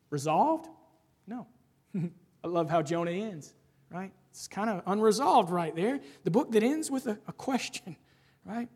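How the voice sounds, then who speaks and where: A man preaching a sermon in a conversational, animated way, often checking in with his listeners and rising to stress points. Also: high-pitched, husky. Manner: conversational, frequent "right?" asides. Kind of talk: expository sermon.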